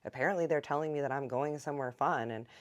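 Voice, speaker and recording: A woman's voice: sits low, quick pace, natural voice. A woman putting on the voice of a tired, grumpy old man in a wheelchair, wearily complaining as she tells a story. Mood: weary complaining. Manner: weary, complaining.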